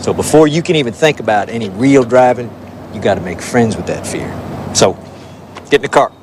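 Actor as a fifties deadbeat dad, rambling and gruff, swinging his pitch up and down a lot; movie scene. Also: animated, fairly quick, background noise, lightly acted. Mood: commanding. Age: 50s. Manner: rambling drawl with hesitant uh fillers, gruff bravado. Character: scruffy stoner deadbeat dad, brash and wheedling. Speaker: estranged father.

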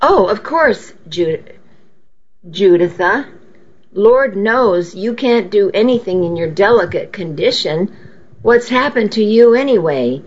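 A woman's voice: medium pitch, animated, takes it slowly. A woman reading aloud and voicing a blustering, scornful middle-aged father, on a dull lo-fi recording.

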